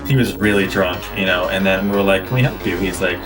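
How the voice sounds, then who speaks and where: Male game streamer, lower voice, distant mic, meandering storyteller. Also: a little fast, hardly any pauses, music in the background. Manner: rambling anecdotes, many fillers and restarts. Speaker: gaming streamer. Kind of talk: casual storytelling while playing.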